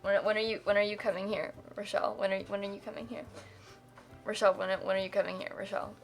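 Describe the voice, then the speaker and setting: A woman livestreamer in casual chat, rambling and quick to laugh as she thanks viewers. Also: medium pitch, flat delivery. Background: faint music.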